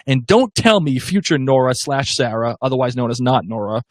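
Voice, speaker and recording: A man's voice: mid-range voice, lively intonation, normal speed, dry recording, clean studio sound. A young man co-hosting a casual TV podcast, reading listener comments aloud and laughing often. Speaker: podcast co-host. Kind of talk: casual chat on a live-streamed podcast.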